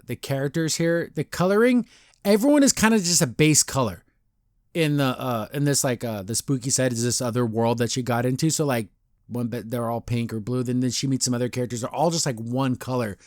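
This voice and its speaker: Recorded in studio quality with no room sound, a medium-pitched man talks briskly as host of a casual podcast chat reviewing a comic. His retelling of scenes is rambling and animated, with acted-out quotes and frequent laughter.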